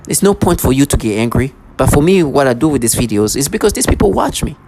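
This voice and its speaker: Agitated sarcastic vlogger with lively pitch. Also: fast talker, background noise. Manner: sarcastic, stammering restarts, accusatory. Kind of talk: agitated ranting monologue to camera.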